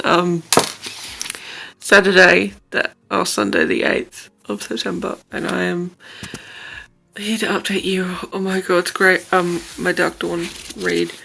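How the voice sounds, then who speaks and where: A woman's voice: mid-range voice, gravelly, bright, forceful tone, a little hiss or hum, poor audio. A young woman chatting casually in a reading vlog, gushing and emotional as she rambles about a book. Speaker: book vlogger. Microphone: camera mic, wears glasses.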